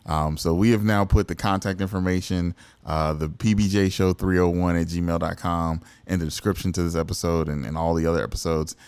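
A man with a very low voice co-hosts a casual podcast, stumbling over repeated words as he gets going. He sounds close and dry on the microphone, with no room around him. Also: steady tone, darkish tone, smooth, no room sound. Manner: halting, repeats words, laughs often. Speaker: podcast co-host.

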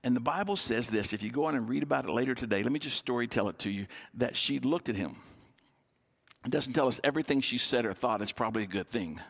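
A male pastor preaching a sermon, retelling a Bible story and acting out its dialogue in a lively storytelling manner. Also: mid-range voice, quick pace, gravelly.

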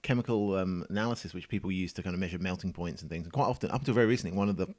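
A man co-hosting a science podcast as the chemist, trading quick jokey banter. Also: low voice, a little mellow. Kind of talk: casual science chat.

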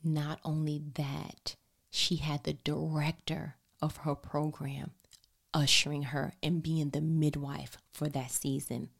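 A mother telling a story to her listeners in a casual, animated way, often dropping into a whisper. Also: deep voice, slow pace, creaky. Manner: animated, expressive, talks directly to listeners.

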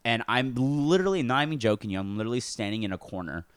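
A man telling a story in a casual podcast chat, animated and swearing, acting out what others said. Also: mid-range voice, fast, clear, resonant tone, dry recording. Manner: animated, swearing, acts out quotes. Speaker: podcast co-host.

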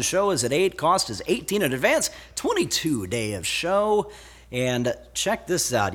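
A man's voice: medium pitch, breathy edge. A man co-hosting a casual podcast, chatting and reading out event listings. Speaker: podcast co-host. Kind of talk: casual chat with announcements.

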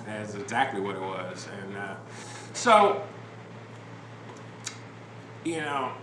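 A man hosting a podcast, telling a story in a relaxed, rambling way with lots of fillers and restarts. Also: fairly low pitch, slow. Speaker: podcast host. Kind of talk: casual storytelling chat. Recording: roomy with background noise.

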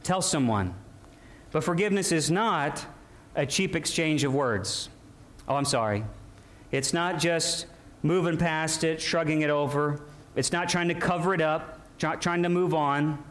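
Man, pastor, preaching sermon, slightly high voice, calls to congregation. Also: measured pace, a bit bright. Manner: preaching with call-and-response asides and shifting emphasis.

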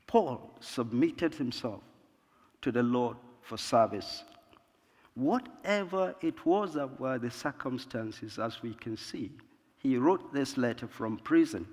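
A man preaching a sermon in a slow, measured way, pausing to cite verse numbers. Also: medium pitch, animated, a little mellow. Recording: long reverb of a large hall.

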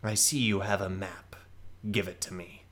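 A man voicing a stern male goblin elder who speaks slowly in a grave, hushed way. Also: low voice, fairly even intonation.

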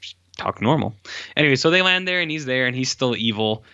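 A man in casual podcast chat reviewing a film, rambling along with many fillers and quick self-corrections. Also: medium pitch, animated, pushed and bright, smooth, dry recording, highs cut off. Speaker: podcast co-host reviewing films.

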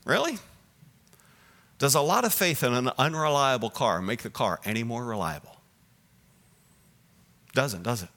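A man preaching a sermon as pastor, swinging between loud emphatic lines and soft low asides, often asking the listeners direct questions. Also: sing-song, normal speed, creaky, pauses often. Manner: asks the audience direct questions.

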